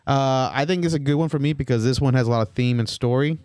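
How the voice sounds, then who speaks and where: A man in relaxed podcast chat about games, lively and storytelling, acting out the reactions of other players. His voice sits in a middle register and sounds close and dry, with no room around it. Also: mid-range voice, fast, smooth, no echo. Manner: animated, acts out players' reactions. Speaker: podcast co-host. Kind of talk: casual board game chat.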